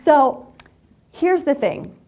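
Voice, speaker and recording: Candid, animated woman speaker. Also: high voice, extremely slow. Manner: candid, profane, animated storyteller. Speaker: workshop speaker. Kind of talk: motivational talk to a live group.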